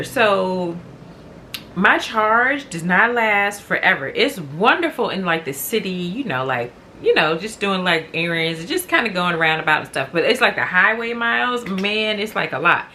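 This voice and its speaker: A woman vlogger chatting casually at home, her bright voice swinging widely in pitch. She laughs often and gets loud when exasperated. Faint background noise sits under her voice. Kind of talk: casual chat to camera.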